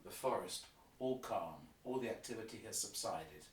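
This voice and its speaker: A man's voice: lowish voice, expressive, normal speed, far from the mic. A man explaining an opera scene by scene, now and then singing short motifs to illustrate them. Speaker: opera guide. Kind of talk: guided listening tour with piano examples. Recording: roomy, off-mic, with piano.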